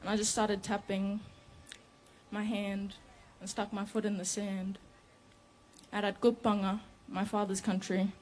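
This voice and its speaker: A young woman, a rapper talking earnestly to a live crowd between songs, quietly and quickening when excited. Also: medium pitch. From Northern Territory, Australia. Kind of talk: onstage talk between songs. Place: outdoor festival stage.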